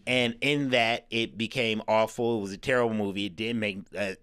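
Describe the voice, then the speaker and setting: A man's voice: lowish voice, fairly even intonation, a little fast, a bit bright, clear, resonant tone, no room sound. A man co-hosting a podcast, talking casually and explaining a story at length with lots of fillers. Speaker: podcast co-host. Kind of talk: casual chat.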